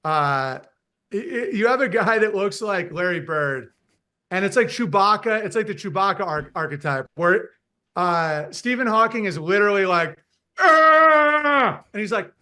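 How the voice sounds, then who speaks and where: High, bright-voiced man riffing loosely. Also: moderate pace. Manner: rambling, animated, mimics voices, laughs at his own jokes. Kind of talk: casual chat.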